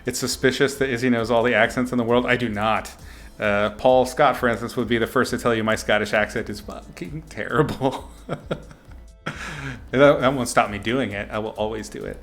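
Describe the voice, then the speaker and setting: A young man casually talking through his painting on a live stream, relaxed and chatty, reading out viewers' names and laughing often. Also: mid-range voice, a little fast, faint music behind. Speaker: artist streaming a painting lesson.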